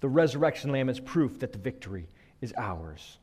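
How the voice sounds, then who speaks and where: A man preaching a sermon, building rhythmic refrains that swell and then drop low. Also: very animated, moderate pace, darkish tone, slightly rough. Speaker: pastor. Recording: long hall reverb.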